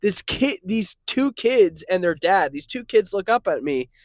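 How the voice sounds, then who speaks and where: A man with a high-pitched voice chats casually on a podcast and tells animated stories. He sounds a little breathy from a recent cold. The sound is dry and close. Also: a little slow, no echo. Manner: animated storyteller, acts out quotes. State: slightly breathy after a cold. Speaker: podcast host and content creator. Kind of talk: casual chat.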